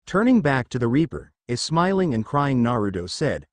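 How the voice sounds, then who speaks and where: A man narrating a fan fiction story in a steady storytelling manner. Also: mid-range voice, normal speed, hardly any pauses, no echo. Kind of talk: fan fiction audiobook reading.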